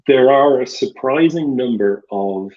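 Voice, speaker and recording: A man speaking on a panel discussion over a video call, in a measured, analytical way with hesitant restarts. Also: medium pitch, a little mellow. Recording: dull lo-fi audio.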